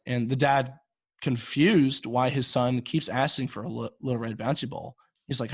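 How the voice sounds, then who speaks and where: A man's voice: mid-range voice, steady tone, moderate pace, gravelly, breathy edge, no room sound. A young man in his twenties, a podcast co-host, telling a long shaggy-dog joke in a rambling way, with many restarts. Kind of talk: casual podcast storytelling.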